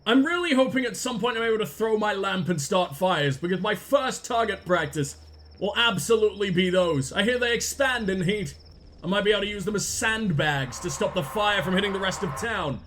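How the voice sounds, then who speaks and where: A man giving sarcastic, profane let's play commentary as a gaming streamer, jumping into high yelps. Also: lively intonation, brisk, a bit bright.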